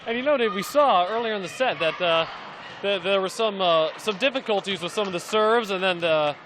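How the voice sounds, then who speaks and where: An American man talks through the match as co-commentator, with lots of restarts and searching for words. His voice sits fairly high. Steady noise from a sports hall runs underneath. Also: a little fast. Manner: hesitant, restarts and fillers, chatty analysis.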